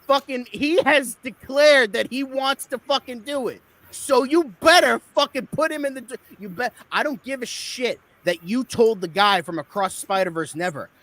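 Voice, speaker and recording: A man's voice: extremely high pitch, normal speed, hardly any pauses, fairly bright tone. A man on a live movie review stream, ranting with constant swearing and mock fury in a put-on Brooklyn Italian accent. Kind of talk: profane comedic rant.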